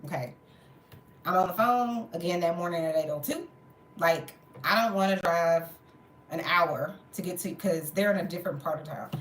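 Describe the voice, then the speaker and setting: A woman's voice: on the low side, normal speed. Exasperated woman, roomy echo. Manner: animated, exasperated retelling with swearing. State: tired and in pain. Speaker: storytelling vlogger. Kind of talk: casual storytime chat.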